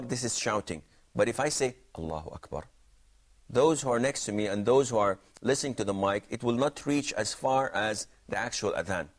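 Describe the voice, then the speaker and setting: A man teaching a religious jurisprudence class, explaining points and quizzing students by name. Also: lowish voice. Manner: questioning, explanatory, repeats himself. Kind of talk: classroom lesson with questions to students.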